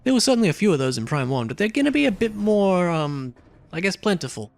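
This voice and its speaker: A man's voice: high-pitched, big pitch swings, fast, creaky, a little mellow. A young man casually commenting on a video game as he plays, chatty and rambling, with lots of fillers and asides. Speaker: let's play host.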